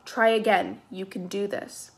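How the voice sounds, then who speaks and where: A woman reading a stern, steady teenage girl. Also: mid-range voice, measured pace, close to an everyday voice. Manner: stern, firm.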